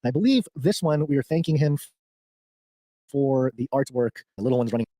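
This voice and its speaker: A man's voice: medium pitch, expressive, fairly quick, dark tone, no echo. A man co-hosting a podcast who rambles, restarts his sentences and laughs easily. He is a father of young children. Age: adult with young children. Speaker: podcast co-host. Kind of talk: casual chat.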